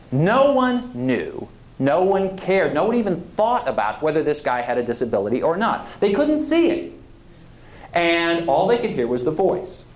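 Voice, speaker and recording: Male history lecturer, talky and digressive, animated delivery in a reverberant hall. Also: a little high. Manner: conversational, digressive, asks the audience questions. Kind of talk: public lecture.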